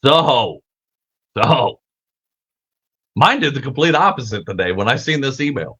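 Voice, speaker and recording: A man talks through a casual podcast monologue in a bright, forceful voice. He is animated, swears freely and trips over repeated words. His pitch leaps whenever he acts out the people he quotes. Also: measured pace, long pauses, husky. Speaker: podcast host.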